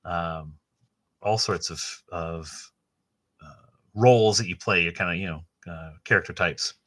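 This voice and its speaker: Lower-pitched man, bright rambling host. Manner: rambling, enthusiastic, halting. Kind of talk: casual book unboxing chat.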